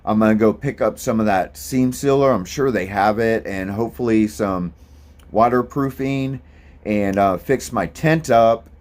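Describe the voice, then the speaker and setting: A man's voice: on the low side, measured pace, darkish tone. A man, talking casually and rambling a bit as he vlogs about his hike. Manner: easygoing, rambling, lots of ums. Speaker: thru-hiker vlogger. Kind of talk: casual vlog monologue.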